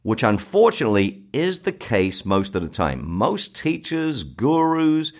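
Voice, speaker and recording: A man's voice: medium pitch, big pitch swings, unhurried, a little mellow. A man with a South London accent giving a persuasive talk, firing off rhetorical questions and stressing key points. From South London, England. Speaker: success program presenter.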